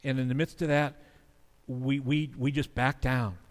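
A man's voice: mid-range voice, level tone, measured pace, in a large hall. A man preaching a sermon in an earnest, conversational way, now and then acting out the quotes he discusses. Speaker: pastor.

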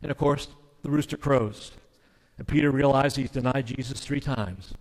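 A man's voice: mid-range voice, moderate pace. Earnest male preacher in a reverberant hall. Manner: earnest and emphatic, with sudden soft drops. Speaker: pastor. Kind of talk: sermon.

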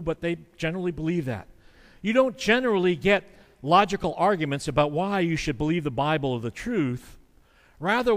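A man delivers a sermon with earnest, conversational warmth, slipping into voices when he quotes. His voice sits somewhat high for a man. Long reverb trails behind him from a large hall. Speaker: pastor.

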